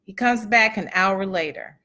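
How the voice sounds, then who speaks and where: A woman with a bright, forward voice shares a personal testimony with a live crowd. She talks in a chatty, folksy way, calls the listeners y'all and acts out the dialogue as she goes. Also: medium pitch, measured pace. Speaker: motivational speaker and author.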